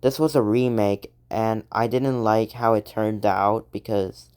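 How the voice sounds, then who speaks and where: A woman's voice: very deep voice, fairly even intonation, a little slow, darkish tone, smooth. A woman creator casually talking through her own scrapped animation concepts, rambling and swearing with lots of ums. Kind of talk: casual commentary on own artwork. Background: synthesizer music.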